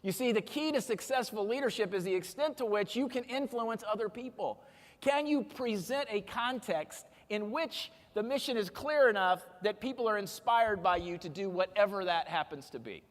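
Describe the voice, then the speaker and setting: High-voiced man giving a keynote in a hall. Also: normal speed. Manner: energetic, joking, directs audience exercises. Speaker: keynote speaker. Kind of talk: motivational keynote speech. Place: large conference hall. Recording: long hall reverb from a live stage.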